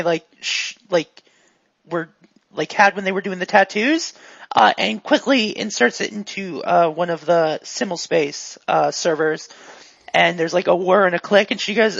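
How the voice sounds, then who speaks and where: A woman's voice: on the low side, creaky, fairly bright tone, slightly rough, no room sound. A woman narrating as game master in a tabletop game, casual and full of fillers. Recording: dull, lo-fi dry mic.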